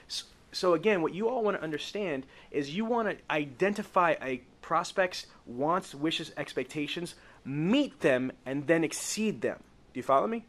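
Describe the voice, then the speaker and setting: Emphatic male sales trainer, slightly high voice. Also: fairly bright tone. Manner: emphatic, coaching delivery that stretches key words; asks the group for agreement. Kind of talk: live sales training with role-play.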